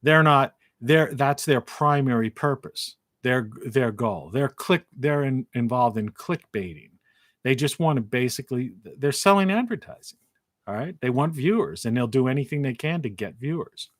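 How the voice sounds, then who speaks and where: A man hosting a live talk show in a rambling monologue, with frequent restarts and a morning voice, clearing his throat now and then. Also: mid-range voice, animated, normal speed, no echo, clean studio sound. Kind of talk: solo live-stream monologue.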